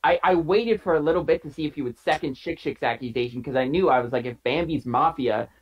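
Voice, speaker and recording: A man's voice: on the high side, fast, breathy edge. A man playing a party game over a video call, earnestly laying out his reasoning in long run-on sentences. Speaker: player. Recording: dull lo-fi call audio.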